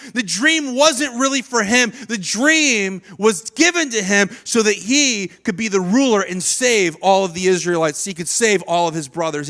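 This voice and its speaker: A male pastor preaching a sermon in a church, animated and acting out the voices of people in the story. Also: sits high. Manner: animated, acts out quoted voices of biblical figures. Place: church stage.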